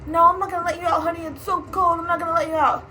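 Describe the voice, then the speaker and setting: A woman's voice: very high-pitched, flat delivery, racing, pushed and bright, soft background music, pitched above the performer's own voice. A woman voicing a fussy, overprotective woman driver who pleads in a sugary, fretful way. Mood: pleading.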